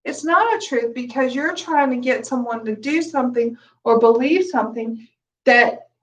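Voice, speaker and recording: A woman with a high voice teaches meditation in a gentle, conversational way, stopping to rephrase now and then. She sits somewhat back from the microphone, so her voice sounds a little distant. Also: moderate pace. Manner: gentle, conversational, with soft laughs and restarts.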